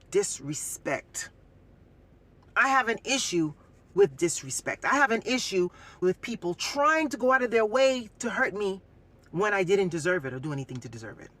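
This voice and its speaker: A woman's voice: medium pitch, big pitch swings, normal speed, a bit bright. A woman venting bluntly and heatedly to her audience, cursing, repeating herself and mimicking what others said. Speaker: vlogger. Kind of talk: heated personal vent to camera.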